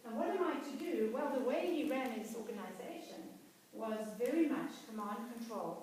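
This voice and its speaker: A woman's voice: a little high, lively intonation, moderate pace, hardly any pauses, a little mellow. Woman coach, conversational storyteller, recorded from far off in a very echoey room. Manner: conversational, storytelling with frequent restarts. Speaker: executive coach. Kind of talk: workshop talk. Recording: echoey room, voice far from mic, faint noise.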